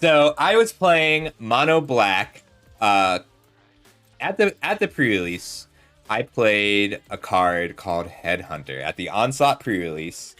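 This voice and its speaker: A man's voice: lowish voice, sing-song, slow, a bit bright, faint music behind. A man in his thirties, a streamer casually commenting on his card game and telling rambling stories as he plays. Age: 30s. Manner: rambling, chatty, talks to chat while playing. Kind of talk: casual gameplay commentary with storytelling.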